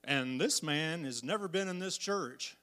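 A man preaches in an unhurried drawl, his voice sitting a little high for a man. He drops low and quiet for scripture, then bursts out loud as he acts out roars and bullies. An animated country sermon. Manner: animated, acts out roars and bully voices, swings from soft to shouting.

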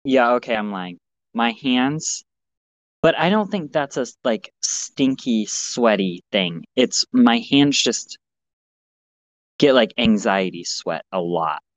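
A man co-hosting a podcast, chatting casually and swearing, animated. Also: slow, no room sound. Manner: animated, swearing, mimics others in a higher voice. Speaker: podcast co-host. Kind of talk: casual chat. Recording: dull lo-fi sound with faint noise.

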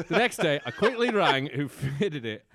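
A man's voice: a little high, sing-song, measured pace, a bit bright, no room sound, clean studio sound. A man co-hosting a podcast in casual banter, reading out a listener's confession and laughing through it. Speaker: podcast co-host.

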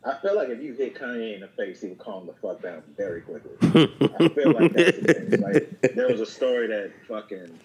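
A man's voice: fairly low pitch, a little fast, crowd noise, rough recording. A man chatting casually and profanely, acting out joking exchanges in other voices. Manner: animated, profane, acts out mock dialogue. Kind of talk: casual comedic chat.

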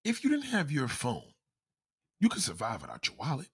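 A man ranting in a loud, profane, comedic style, constantly swearing and acting out quoted voices. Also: medium pitch, wildly swooping pitch, moderate pace, husky.

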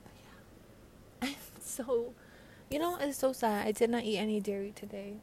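A woman's voice: a little high, moderate pace, darkish tone, a little hiss or hum. A young woman hosting a podcast, rambling casually with slang and swearing, sounding congested from a cold. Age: teens. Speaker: podcast host. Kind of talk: casual late-night monologue. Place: by a window at night.

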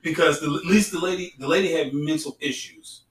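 A man's voice: on the high side, brisk, far from the mic. A middle-aged man co-hosting a podcast, talking bluntly and repeating his points in casual chat. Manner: blunt, preachy, repeats himself. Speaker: podcast co-host. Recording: roomy sound, set back from the mic.

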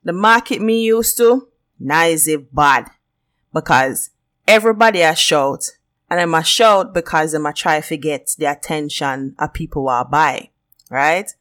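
A woman from Jamaica with a Jamaican accent hosting a solo podcast, talking casually and lively and slipping into patois. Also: low-pitched, a little slow. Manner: lively, switches into patois, laughs often. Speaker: podcast host.

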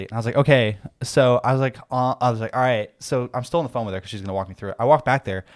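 A man's voice: medium pitch, fairly even intonation, rapid-fire, few pauses, dry recording, clean studio sound. A man in his twenties hosting a podcast, telling a profane story in a loose, laughing chat. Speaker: podcast host.

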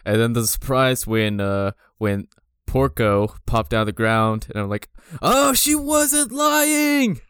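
A man's voice: on the low side, fairly even intonation, measured pace, clean tone, no echo, clean studio sound. A man co-hosting a casual chat, laid-back and wry. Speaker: podcast co-host.

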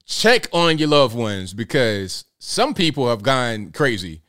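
Speaking slowly but very animated, this live-show host has a medium-pitched, fairly bright voice. He responds to clips with slangy humor and frequent laughter.

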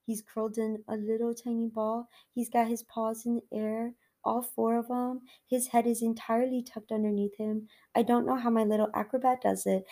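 Profane, joking young woman podcast host. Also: mid-range voice. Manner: blunt and profane, joking asides. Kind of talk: casual advice monologue.

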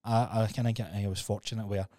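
Low-voiced man, casual storytelling. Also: fast, no room sound. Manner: swearing, storytelling, animated retellings. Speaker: podcast co-host. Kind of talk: casual chat.

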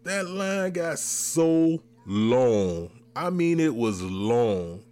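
Animated male podcast storyteller. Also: mid-range voice, very slow. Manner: animated, re-enacts his own reactions. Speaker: podcast host. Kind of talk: comedic storytelling.

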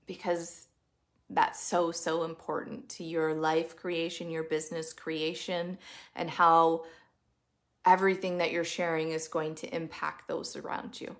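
Woman doing a spiritual live chat for her group, gushy, kinda low voice, drops the odd swear. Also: flat delivery, unhurried. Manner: effusive, spiritual, swears casually. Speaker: women's community coach and host. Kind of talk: casual livestream talk to an online group.

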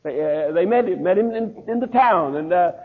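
A man's voice: sits high, expressive, moderate pace, slightly rough. An older man with a Southern US accent preaching a sermon, telling stories and acting out the people in them. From Mississippi, USA. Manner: storytelling preacher acting out quoted dialogue. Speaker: pastor. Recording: tinny phone-like recording.

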